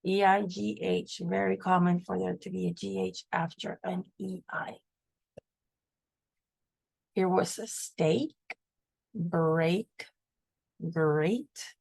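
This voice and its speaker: A woman's voice: fairly low pitch, fairly even intonation, takes it slowly, vocal fry, pauses often, a little mellow, slightly rough, no room sound, poor audio. A woman teaching a phonics lesson, patiently sounding out words and spelling them letter by letter.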